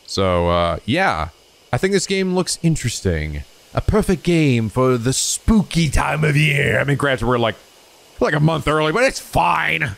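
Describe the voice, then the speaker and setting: A man hosting a let's play, chatting excitedly and a little ramblingly as he introduces a new game. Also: a little slow, creaky. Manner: voices quoted people in a raised pitch. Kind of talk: casual gaming commentary.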